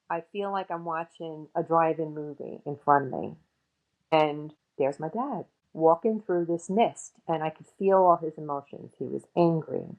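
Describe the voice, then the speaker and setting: A woman's voice: deep voice, vocal fry, phone-quality sound. A middle-aged woman, an author and paranormal investigator, tells emotional personal stories as a podcast guest, acting out the voices of the people in them. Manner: animated, acts out the voices of people in her stories.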